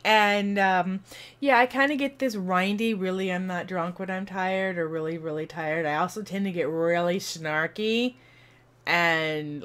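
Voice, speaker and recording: A woman streamer chats to her viewers and tells a long, rambling story. She acts out the voices as she goes, with lots of fillers and restarts, in a casual, animated way. Her voice sits at a middle pitch for a woman. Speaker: streamer and video host.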